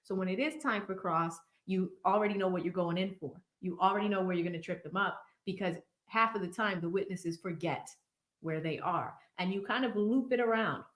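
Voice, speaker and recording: A woman in her thirties with a Boston accent talks through casual commentary in a chatty, conversational way, scattering fillers as she goes. Her mid-pitched voice sits in a roomy, echoing space. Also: brisk, a bit bright. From Boston area. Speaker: legal commentary host. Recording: roomy echo.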